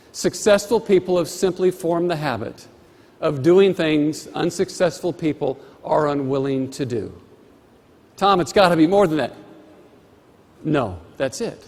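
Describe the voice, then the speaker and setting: A man giving a motivational keynote speech with emphatic, rhythmic repetition, on a stage microphone in a large conference hall. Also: high-pitched. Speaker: motivational speaker. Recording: long hall reverb.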